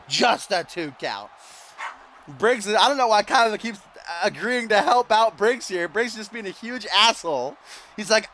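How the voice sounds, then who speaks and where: A man calls a wrestling video game match in a very high, gravelly voice, sharp and bright in tone. He shouts, swears and runs out of breath as the action builds, like a mock ring announcer. A faint hiss of noise sits behind him. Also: unhurried. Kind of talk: excited play-by-play commentary.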